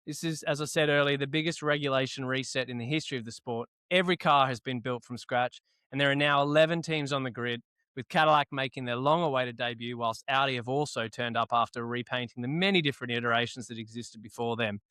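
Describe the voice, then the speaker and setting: A man hosting a podcast, playful and loud, swearing freely in casual banter. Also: mid-range voice, fast, smooth, dry recording, clean studio sound. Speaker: podcast host.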